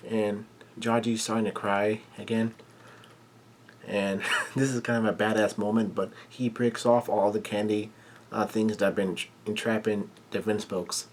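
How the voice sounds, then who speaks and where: A man casually recapping a manga chapter, halting often with fillers and restarts, and blunt enough to swear when something surprises him. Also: on the low side, flat delivery, a little hiss or hum.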